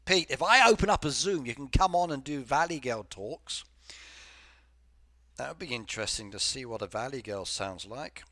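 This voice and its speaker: A man's voice: medium pitch, moderate pace, sharp tone, dry recording, clean studio sound. A man chatting casually with viewers on a game live stream, rambling from topic to topic and reading comments aloud. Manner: frequent fillers and repeated yeses.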